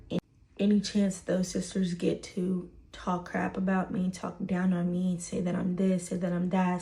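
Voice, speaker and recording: A woman's voice: lowish voice, creaky, dark tone. A woman telling a personal story to the camera, stressing points by repeating words. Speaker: storyteller in a shared clip.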